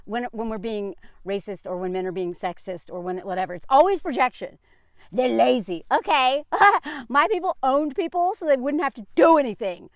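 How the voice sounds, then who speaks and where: A woman's voice: sits high, expressive, normal speed, dry recording, studio quality. A woman giving casual opinion commentary as a vlogger, sarcastic, laughing often and filling her talk with "like".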